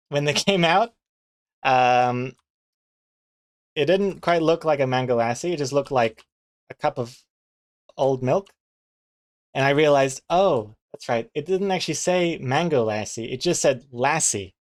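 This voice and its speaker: A man, chatting casually on a live stream and telling rambling anecdotes with chuckles and fillers. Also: mid-range voice. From New Zealand.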